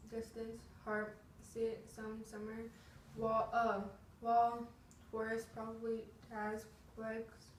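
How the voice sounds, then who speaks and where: A student, a woman, reads a word list aloud one word at a time, slow and careful. Her delivery is flat and a little high. She sounds distant, in an echoey room with faint background noise. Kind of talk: reading word lists aloud.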